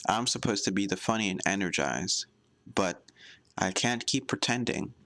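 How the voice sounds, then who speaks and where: A man voicing an exhausted, tearful young male cartoon character who speaks quietly and apologetically. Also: on the low side, normal speed. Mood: weary.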